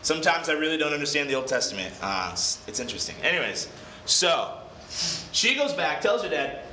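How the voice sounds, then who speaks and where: A man's voice: on the high side, very animated, a little fast, pushed and bright, slight background noise. A man casually retelling a Bible story as a lesson leader. He is chatty, digresses, and corrects himself often. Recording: echoey room, slightly dull.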